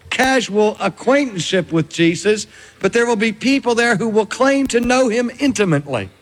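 Male preacher, high voice, slow deliberate delivery, echoing hall; sermon read. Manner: slow, dramatic emphasis with long pauses. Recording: long hall reverb.

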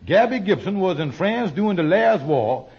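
Wheedling schemer, 1940s radio comedy, high husky voice, muffled broadcast. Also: male voice, big pitch swings, moderate pace, darkish tone, full character voice. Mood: scheming. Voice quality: smooth-talking, persuasive. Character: scheming fast-talking male con man.

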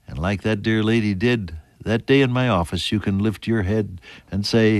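An older man preaching a sermon, moving from hushed, near-whispered lines to lifted, emphatic ones. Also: fairly low pitch, fairly even intonation, a little slow, no room sound, clean studio sound.

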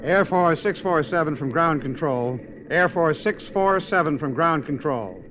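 An actor playing a brisk Air Force lieutenant at ground control in a 1950s radio drama. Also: male voice, a little high, animated, music in the background. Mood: radio calls. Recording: lo-fi radio play with noise.

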